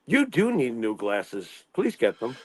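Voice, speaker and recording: A man's voice: mid-range voice, wildly swooping pitch, unhurried, darkish tone, breathy edge, dry recording. A man co-hosting a casual wrestling talk show, sarcastic and swearing freely. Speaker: co-host.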